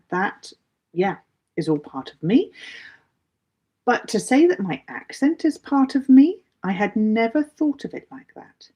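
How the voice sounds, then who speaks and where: Husky English woman teaching live. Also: mid-range voice. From England. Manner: chatty, animated, quick with many asides. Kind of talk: live Q&A lesson.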